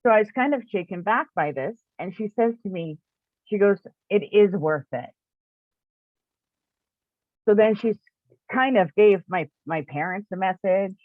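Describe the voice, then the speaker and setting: A woman's voice: medium pitch, animated, moderate pace, dry recording. A woman from eastern Canada telling a personal story in a chatty way, with many "like" fillers and frequent laughs. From Canada, New Brunswick area. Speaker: spiritual shop owner and teacher. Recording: dry, phone-like narrow sound.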